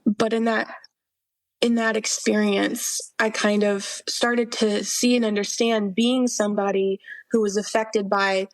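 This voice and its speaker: Gravelly young woman telling her story. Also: mid-range voice, little pitch movement, unhurried, no room sound. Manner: earnest storytelling, many fillers like "like" and "um", acting out quoted dialogue. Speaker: podcast guest. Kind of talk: personal testimony in an interview.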